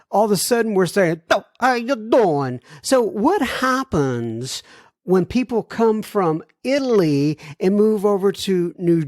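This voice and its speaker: In clean, echo-free studio sound, a high-pitched American man hosts a podcast. He reads letters from listeners casually, rambling off into apologetic tangents.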